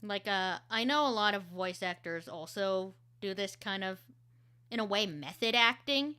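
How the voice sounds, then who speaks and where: A woman's voice: mid-range voice, unhurried, pushed and bright, clean tone. A woman voice actor streaming, chatting casually and explaining how she works, with lots of fillers.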